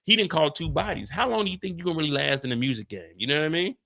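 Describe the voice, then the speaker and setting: A man's voice: a little high, rapid-fire, gravelly. A man, giving a casual, slangy livestream recap of a TV episode. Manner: animated, slangy, acts out characters. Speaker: TV recap host. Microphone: streaming mic.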